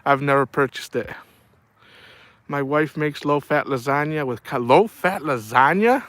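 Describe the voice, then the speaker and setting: A man's voice: on the high side, measured pace, a bit bright, no echo. A middle-aged man chatting casually on a livestream, telling rambling stories and saying "man" a lot. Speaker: livestream host.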